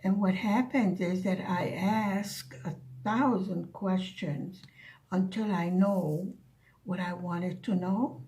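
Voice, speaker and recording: A woman vlogger chatting softly and musingly with her viewers while doing a diamond painting. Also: lowish voice, takes it slowly. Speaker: craft vlogger. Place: living in Hungary, at home.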